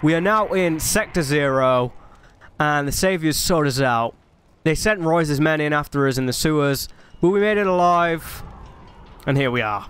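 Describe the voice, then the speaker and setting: Male game commentator, chatty and self-mocking, slightly high, smooth voice, music under him. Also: normal speed, a bit bright. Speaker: gaming commentator. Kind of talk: let's play commentary.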